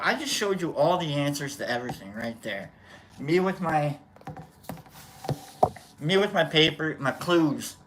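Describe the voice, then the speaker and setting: A man's voice: fairly high pitch, sharp tone. A man hosting a casual morning livestream, greeting viewers one by one by name and rambling loosely. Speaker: livestream host.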